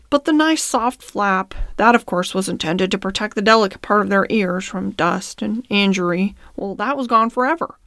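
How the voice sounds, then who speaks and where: A woman's voice: fairly high pitch, fairly bright tone, dry recording, studio quality. A woman voicing a fiery old male horse in a storybook reading, speaking indignantly. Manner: indignant, protesting.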